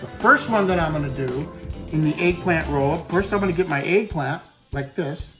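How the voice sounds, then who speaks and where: A man's voice: a little high, normal speed, music in the background. A man hosting a cooking show, chatting casually to the viewer as he demonstrates a recipe and drops in Italian food words.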